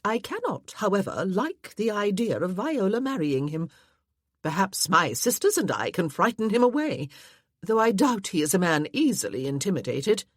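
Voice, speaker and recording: A woman plays a brisk older dowager duchess. She speaks firmly and emphatically. The voice is a little husky and close to the mic. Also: medium pitch, big pitch swings, no echo, pitched above the performer's own voice. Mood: wry.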